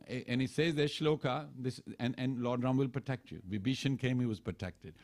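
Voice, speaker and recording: A man's voice: medium pitch, normal speed, hardly any pauses. A man giving a sermon at a temple, telling scripture stories and acting out the characters' lines. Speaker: temple speaker. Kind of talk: storytelling sermon. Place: temple hall.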